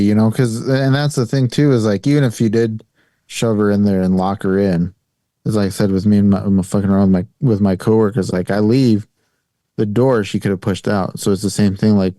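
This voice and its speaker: A man with a low, mellow voice chats casually on a podcast. He thinks aloud and puzzles through things in questions, recorded dry and close. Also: fairly even intonation, a little fast, no room sound. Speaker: podcast co-host. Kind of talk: casual chat.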